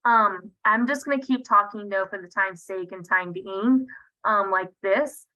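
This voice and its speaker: A woman's voice: medium pitch, a little slow, sharp tone, low-quality recording. A woman presenting an online parenting workshop over a video call, talking casually and checking in with her listeners often. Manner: conversational, checks in with frequent "right?". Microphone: video call computer mic.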